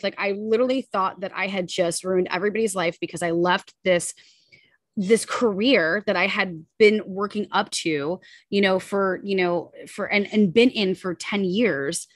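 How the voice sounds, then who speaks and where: A woman in her thirties talks openly as a podcast guest, rushing through her story with plenty of "like" and "you know". Her voice sits in a middle range, and the recording is close and dry with no room sound. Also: mid-range voice, dry recording. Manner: candid, quick, full of likes and you-knows. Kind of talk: personal story in a casual interview.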